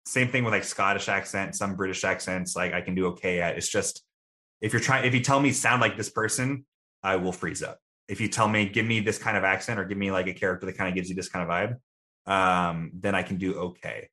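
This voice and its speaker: A young man with a very low, deep voice answers questions in an easygoing, thoughtful way. He is casual and a little self-deprecating. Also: steady tone, brisk, pushed and bright. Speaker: guest.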